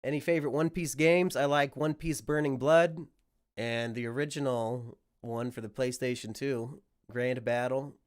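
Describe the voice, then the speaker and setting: A man's voice: mid-range voice, steady tone, moderate pace. A man with a sick voice chatting casually on a livestream, rambling and swearing freely. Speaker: streamer.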